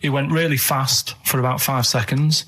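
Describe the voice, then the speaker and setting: A man spins out a long, wandering anecdote in a flat, deadpan manner on a radio show. His pitch sits in an everyday middle range. He is unhurried and plain. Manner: deadpan, meandering storytelling. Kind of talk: rambling anecdote. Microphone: studio microphone.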